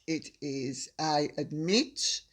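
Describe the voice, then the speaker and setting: An older woman with a Jamaican accent, answering viewer questions in a measured, assured casual chat. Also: sits low.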